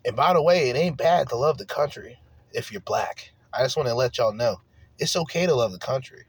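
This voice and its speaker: A man's voice: mid-range voice, animated, fairly quick, husky, no room sound. A man hosting a podcast, ranting in a heated, profane, emphatic way and firing off rhetorical questions. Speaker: podcast host. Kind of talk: solo opinion rant.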